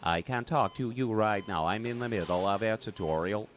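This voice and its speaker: A man voicing a flustered tutorial host with a strange, unnatural voice and a flat, measured delivery in a comedy sketch. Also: lowish voice, natural voice. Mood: stiff.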